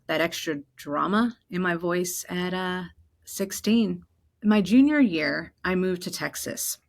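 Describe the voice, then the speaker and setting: A woman from New Jersey hosting her own podcast, telling personal stories in an animated way and acting out the voices of the people in them. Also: on the low side. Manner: animated, acts out quoted voices. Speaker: podcast host. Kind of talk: personal storytelling.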